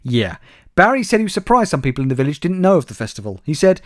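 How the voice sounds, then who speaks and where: A man's voice: on the high side, big pitch swings, quick pace, no echo. A man co-hosting a comedy podcast, reading out news stories with dry, wry asides. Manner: dry, wry delivery, addresses co-host by name. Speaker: podcast co-host.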